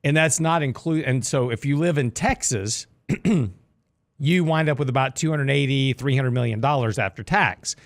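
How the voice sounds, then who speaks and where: Chatty finance show host. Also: male voice, medium pitch, moderate pace, dry recording. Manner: chatty, explanatory, joking asides. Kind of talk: radio talk commentary.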